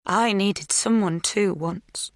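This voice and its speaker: A narrator voicing an unhinged woman who talks in a plaintive, hushed, sometimes whispered way. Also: mid-range voice, takes it slowly, dry recording, studio quality, voice pushed up. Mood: menacing hush.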